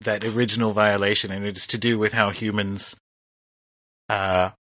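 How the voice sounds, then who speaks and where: A male podcast host with a bright, lively tone, recorded close and dry with no room sound. He talks in a thoughtful, meandering way, trailing off and then surging up loudly. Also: lowish voice, normal speed, no echo. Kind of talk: conversational interview.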